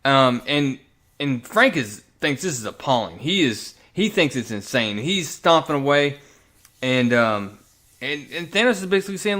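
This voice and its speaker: A man giving a casual, animated recap of a comic book story as a reviewer, often restarting his sentences. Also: mid-range voice, moderate pace.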